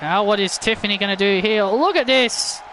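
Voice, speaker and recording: Excitable male wrestling commentator, very high voice, shouty play-by-play with stumbles. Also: moderate pace, a little hiss or hum. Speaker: wrestling commentator and channel host. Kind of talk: excited play-by-play commentary of a video game match.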